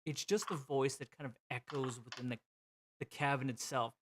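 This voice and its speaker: A man's voice: mid-range voice, fairly even intonation, moderate pace, a little hiss or hum. A man narrating a tabletop role-playing game as game master, describing scenes vividly with frequent fillers.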